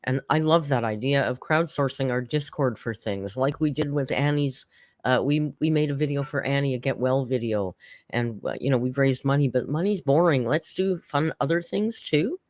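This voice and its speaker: A woman's voice: extremely low pitch, normal speed, a little mellow, no room sound, clean studio sound. A middle-aged woman chatting casually and emotionally on a live stream, rambling and laughing often. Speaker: streamer host.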